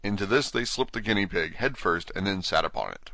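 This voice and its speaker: A man narrating an audiobook with expressive storytelling. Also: low-pitched, a little fast, few pauses, dry recording.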